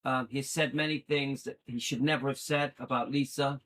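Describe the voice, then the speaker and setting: A man's voice: medium pitch, fairly even intonation, moderate pace, a bit bright. A man hosting a commentary channel, reacting indignantly and firing repeated rhetorical questions.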